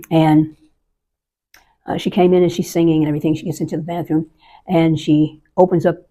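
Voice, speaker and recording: An older woman from the United States, an Army veteran, telling a personal story in an earnest, halting way and acting out the voices she quotes. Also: sits low, little pitch movement, warm tone.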